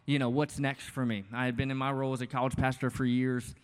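A man's voice: mid-range voice, little pitch movement, fast talker, smooth. A man in his thirties, a pastor preaching a sermon in a casual, joking, conversational way with many asides. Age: 30s. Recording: long hall reverb.

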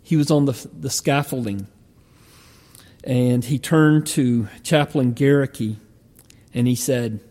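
Slow, mellow preacher in a hall. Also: male voice, mid-range voice. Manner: halting, many ums and uhs. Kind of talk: sermon storytelling. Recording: long hall reverb.

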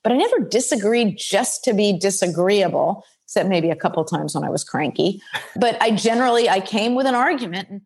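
A woman's voice: mid-range voice, animated, fairly quick, darkish tone, slightly rough. Blunt older woman telling a story. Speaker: guest, former football executive. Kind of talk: interview conversation.

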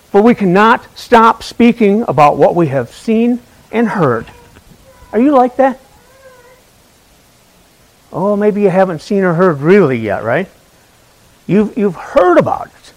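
In a rough recording, a high-pitched and very animated man delivers an Easter sermon at a measured pace with long pauses. He speaks conversationally, putting questions to the congregation and sharing a humorous story from his own life.

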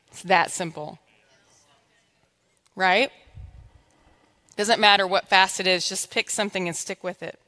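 A woman's voice: medium pitch, steady tone, a little slow, pauses often, bright, forceful tone. A woman pastor giving a conversational, humorous sermon in church, exhorting her congregation.

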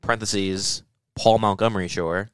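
A man's voice: fairly low pitch, fairly even intonation, moderate pace, clear, resonant tone, no echo. A man co-hosting a casual chat, riffing sarcastically and joking around.

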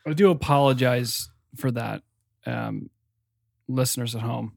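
A man's voice: medium pitch, huge pitch swings, a little slow, vocal fry, a little mellow, no echo, studio quality. A man co-hosting and running the sound on a podcast, easygoing in casual chat. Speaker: podcast co-host and sound operator.

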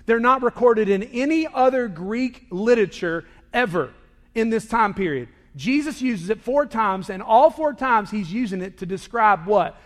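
A man preaching a sermon indoors, moving between hushed, intimate lines and loud, emphatic ones. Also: high voice, animated, moderate pace. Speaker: pastor. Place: indoor worship hall. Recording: reverberant hall.

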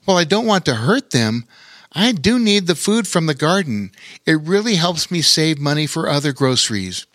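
A man's voice: a little high, big pitch swings, normal speed, fairly bright tone, no room sound, studio quality, pitched above the performer's own voice. A man voicing a kind, young-at-heart older woman in a children's story, grateful and chatty.

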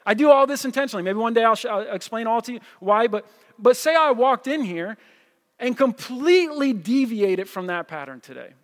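A pastor from New with a fairly high voice, preaching in a casual, conversational way. He repeats himself and keeps asking "right?" to draw the room in. His voice rings out with a long, echoing reverb. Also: expressive, a little fast. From New Jersey. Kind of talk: sermon. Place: church hall.

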